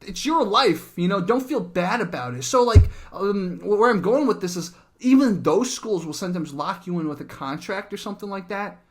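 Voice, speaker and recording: A man hosting a casual interview over a call, talking in an animated, rambling way with plenty of fillers. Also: high-pitched, normal speed, hardly any pauses. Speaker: host.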